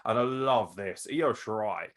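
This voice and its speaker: Excitable man ranting about wrestling. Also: fairly low pitch, measured pace. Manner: excitable, swears freely, laughs often. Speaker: podcast host. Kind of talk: casual wrestling review commentary.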